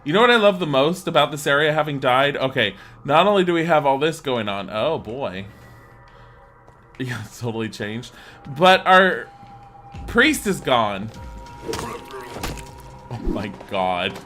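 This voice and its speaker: A man streams a game from his home setup, talking casually into a desk mic. His mid-pitched voice is bright and forward, rambling between laughs. He swears freely and gets excitable. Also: measured pace, pauses often, faint music behind. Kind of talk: casual live-stream chat over gameplay.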